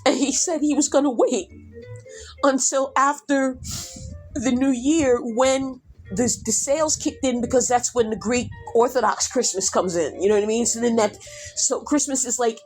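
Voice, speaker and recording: Loud, animated middle-aged woman storyteller. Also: high-pitched, measured pace, long pauses, soft background music. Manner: animated, loud, addresses listeners directly, swears. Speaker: podcast host. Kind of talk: casual storytelling.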